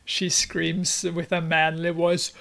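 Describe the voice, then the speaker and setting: Slow, halting, amused movie recapper. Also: mid-range voice, monotone, vocal fry, fairly bright tone. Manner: halting, with many filler pauses and frequent laughter; amused and mocking. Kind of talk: casual film recap and commentary.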